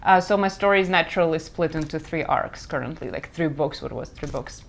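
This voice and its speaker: A woman's voice: deep voice, fairly quick, gravelly. A young woman with a Russian accent whose first language is Russian, chatting casually about her work in a rambling, frank way that keeps correcting itself. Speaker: comic creator. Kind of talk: casual chat.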